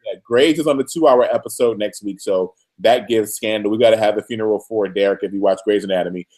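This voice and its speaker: A man co-hosting a casual TV recap show, talking in an animated way and laughing easily. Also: on the low side, fast. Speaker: podcast co-host.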